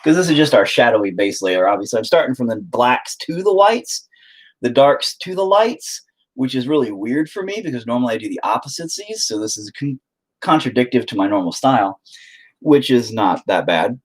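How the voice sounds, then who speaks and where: A young man from the United States runs a painting stream, painting while he reads chat aloud, rambles, and makes crude jokes. His medium-pitched voice is sing-song with a breathy edge, at a moderate pace.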